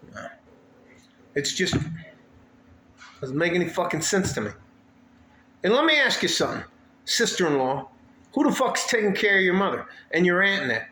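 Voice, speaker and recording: A man's voice: on the high side, sharp tone. A man venting angrily in a vlog, profane and heated, circling back to the same complaints. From West Texas. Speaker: vlogger. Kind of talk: angry venting monologue. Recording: echoey room with faint ambient noise.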